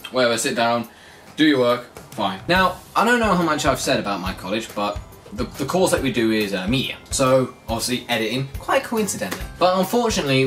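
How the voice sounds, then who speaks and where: A young adult, ranting casually in a vlog with lots of swearing and sudden jumps toward shouting. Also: mid-range voice. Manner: animated, sweary ranting with big swings up to near-shouting. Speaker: vlogger.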